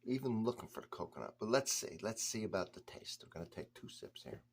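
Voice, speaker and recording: A man's voice: fairly low pitch, sing-song, quick pace, gravelly, a little hiss or hum. A man reviewing a beer for his vlog, chatty and blunt, talking straight to the viewer.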